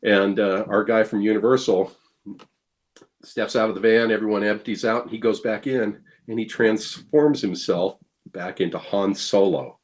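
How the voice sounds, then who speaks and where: Rambling low-voiced man telling stories. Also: fairly even intonation, moderate pace. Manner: rambling anecdotes with many fillers and restarts; playful, acts out quoted lines. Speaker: guest, blacksmith. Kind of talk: casual storytelling chat.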